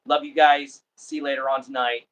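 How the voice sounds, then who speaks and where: Male streamer host from America, laughs easily, voice a touch high, friendly chat. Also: level tone, a little fast, a bit bright, poor audio. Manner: laughs often, friendly sign-offs. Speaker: livestream host. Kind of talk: casual livestream chat.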